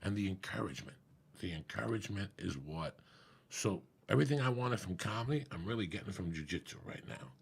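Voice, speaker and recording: A man with a raspy, gravelly voice, telling stories in casual chat as a comedian guest, swearing freely and acting out what people said. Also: deep voice, brisk. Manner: profane, animated storyteller acting out quotes.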